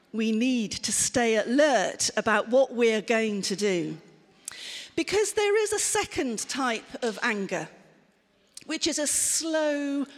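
A woman's voice: a little high, in a large hall. A woman preaching an interactive sermon, expressively acting out angry and soothing replies for her listeners.

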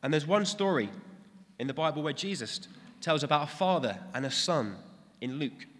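British preacher in a reverberant hall. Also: male voice, a little high, animated, moderate pace. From Britain. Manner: warm, earnest, reflective storytelling. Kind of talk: sermon with personal stories. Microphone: stage mic, later handheld. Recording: long reverb in a large hall.

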